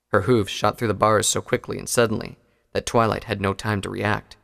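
Male storybook narrator, measured delivery, gravelly tone, long reverb. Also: lowish voice, level tone, fairly bright tone. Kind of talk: audiobook reading of fan fiction.

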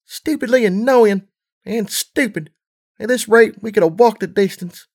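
Little filly pony, high girlish voice, folksy slang, blunt. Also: measured pace, darkish tone.

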